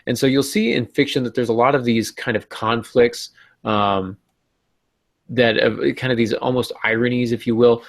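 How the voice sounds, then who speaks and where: A man with a gravelly, creaky voice hosts a writing podcast in a casual, thinking-aloud way. He hesitates often, restarts his sentences and pokes fun at himself. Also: medium pitch, steady tone, moderate pace. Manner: hesitant, many ums and restarts, self-deprecating. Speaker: podcast host. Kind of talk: casual discussion.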